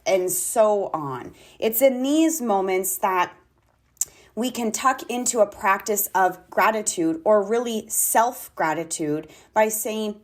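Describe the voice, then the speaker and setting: A woman with a mid-pitched voice leads a reflective talk on gratitude. She speaks calmly and deliberately and spells out key words letter by letter. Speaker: artist and practice guide.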